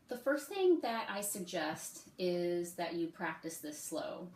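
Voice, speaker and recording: A woman who teaches music, giving step-by-step practice advice in a relaxed, friendly way with frequent ums and okays. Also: fairly low pitch, echoey room, slight background noise. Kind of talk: casual instructional talk.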